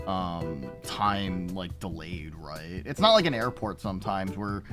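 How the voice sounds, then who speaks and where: A man's voice: sits low, lively intonation, measured pace, over music. A man streaming and chatting casually with viewers, rambling with frequent restarts and plenty of swearing. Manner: rambling, profane, self-interrupting.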